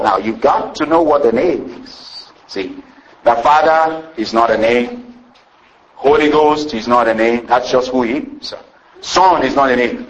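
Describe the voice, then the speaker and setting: In a roughly recorded sermon, a medium-pitched man reads scripture aloud in archaic wording. His preaching is rhythmic, with swooping rises, drawn-out phrases, and emphasis that climbs and falls.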